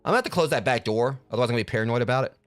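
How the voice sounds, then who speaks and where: A man's voice: medium pitch, racing, dry recording, faint music behind. A man streaming himself playing a game, chatting casually and rambling, with lots of fillers. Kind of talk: gameplay commentary.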